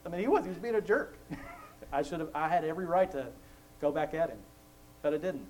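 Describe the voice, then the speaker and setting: A man's voice: fairly high pitch, animated, a little fast, darkish tone, a little hiss or hum, low-quality recording. A man sharing faith thoughts in a casual, chatty way, laughing often between points. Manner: chatty storytelling, laughs often, acts out quoted voices.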